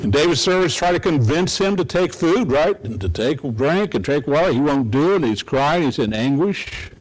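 A pastor giving a conversational sermon, often checking in with listeners by asking "right?" and acting out quoted pleas in short bursts. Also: male voice, on the high side, lively intonation, moderate pace, slight background noise, poor audio. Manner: conversational, asks the audience rhetorical questions with "right?"; acts out pleading voices in quotes.

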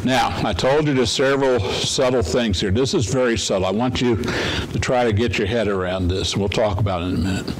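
A man preaching in a relaxed, conversational way, his voice sitting at a middle pitch. He keeps asking the congregation rhetorical questions. A faint hiss of background noise runs under the recording. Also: brisk. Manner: conversational, asks the audience rhetorical questions with "right?"; acts out pleading voices in quotes. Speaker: pastor. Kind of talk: sermon.

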